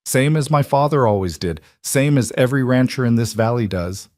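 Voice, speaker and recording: A man's voice: medium pitch, normal speed, darkish tone, no room sound, clean studio sound, voice pushed up, lightly acted. A man voicing a proud young woman rancher who speaks firmly, each word clipped and precise. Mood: defiant.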